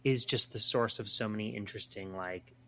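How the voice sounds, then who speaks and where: A man's voice: fairly low pitch, brisk, pushed and bright. A man speaking as a podcast guest, reflective and thoughtful in casual chat.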